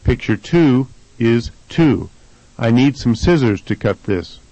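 A man reading answers and sample dialogue lines for a scripted language lesson in a plain, even way. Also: medium pitch, takes it slowly, no echo, lo-fi sound. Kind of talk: scripted instructional narration.

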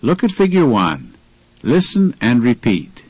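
A man narrating a language-lab lesson, reading instructions and words aloud with slow, deliberate enunciation. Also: on the low side, sing-song, poor audio.

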